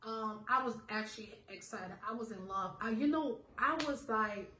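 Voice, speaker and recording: A young woman with a slightly high voice tells her own story in a lively, chatty way, sprinkling fillers and acting out what people said. The recording is roomy and echoey. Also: unhurried, few pauses, a little hiss or hum. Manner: animated, acts out dialogue, lots of fillers. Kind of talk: casual personal storytelling. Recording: roomy echo, faint ambience.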